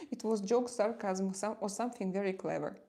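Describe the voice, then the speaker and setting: A woman with a Russian accent chatting casually on a live stream, reading viewer comments with halting pauses and many fillers. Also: mid-range voice, warm tone. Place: home in Spain.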